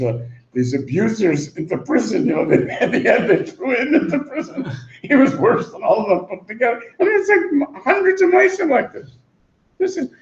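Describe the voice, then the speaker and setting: A man giving a Torah lecture as an animated, joking storyteller who acts out quotes and drops in Hebrew and Yiddish words. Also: high voice, vocal fry. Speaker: Torah teacher. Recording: roomy, dull recording, faint hum.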